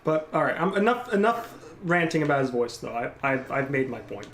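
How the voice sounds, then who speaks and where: A man's voice: mid-range voice, very animated, fairly quick, fairly bright tone, roomy sound, slight background noise. A man giving live, rambling gameplay commentary and chatting casually with his viewers. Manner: rambling, casual, reads and answers chat. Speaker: gameplay streamer.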